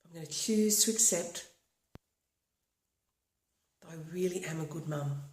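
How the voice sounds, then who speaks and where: In an echoey room, a tapping practitioner from Australia guides a session, her tone earnest as she repeats affirmations. She speaks at a measured pace with a lowish, darkish voice.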